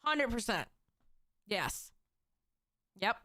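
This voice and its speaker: Woman streamer, slightly high voice, loose profane chat commentary. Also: very animated, drawn-out words, crowd noise. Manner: loose, profane, repeats herself. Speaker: streamer reacting. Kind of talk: casual live-stream commentary.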